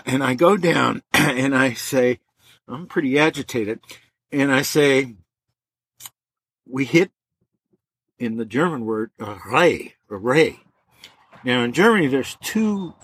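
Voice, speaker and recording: A man telling a lively story in an interview, laughing now and then as he talks. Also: fairly high pitch, breathy edge, dry recording. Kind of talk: anecdotal storytelling.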